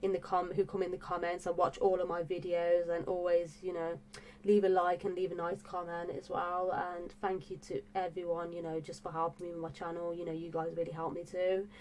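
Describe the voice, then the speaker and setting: A woman's voice: lowish voice, completely flat delivery, brisk, darkish tone, slight background noise. A woman vlogging in a gushing, breathless way, full of fillers and repeated exclamations about her reaction channel. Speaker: music reaction YouTuber. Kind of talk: excited casual vlog talk.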